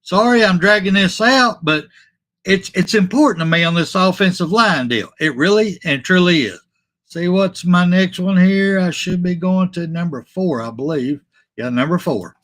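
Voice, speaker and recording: Guy doing a live sports talk show, kinda high bright voice, repeats stuff, says sorry a lot. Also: normal speed. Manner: animated and repetitive, trailing off and apologizing. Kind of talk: casual live-stream sports talk, reading viewer comments.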